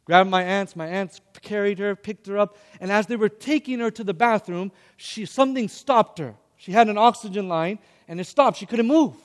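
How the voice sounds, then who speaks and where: A man's voice: high-pitched, moderate pace, few pauses, long reverb tail. A male preacher telling a personal story in an emotional sermon, addressing the congregation.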